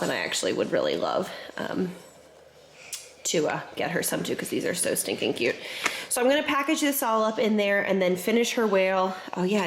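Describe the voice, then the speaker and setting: A woman in her thirties chats to the camera at home as a family vlogger, her voice sitting a touch low. She gushes over little things and talks easily, now and then turning to her kids. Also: slight background noise. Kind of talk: casual vlog chat.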